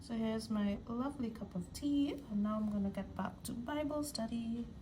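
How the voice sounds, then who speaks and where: A woman's voice: a little high, moderate pace, noisy background. A young woman vlogging in a casual, chatty way, speaking straight to her viewers. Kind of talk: casual chat.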